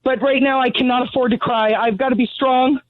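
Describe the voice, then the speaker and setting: A woman's voice: sits high, steady tone, fairly quick. A middle-aged woman calling in, furious, blunt and sarcastic, out of breath as she speaks. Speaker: caller. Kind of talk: call-in radio rant. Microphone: telephone. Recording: tinny dry phone line.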